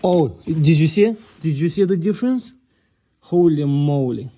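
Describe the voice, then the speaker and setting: Man with an accent, DIY car vlogger: unhurried, dark-toned, a bit high-pitched, chatty asides and exclamations, phone-recorded. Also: expressive. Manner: chatty, exclaims at what he finds, addresses viewers as guys; mentions having a non-native accent. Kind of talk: casual how-to narration while working. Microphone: phone recording nearby.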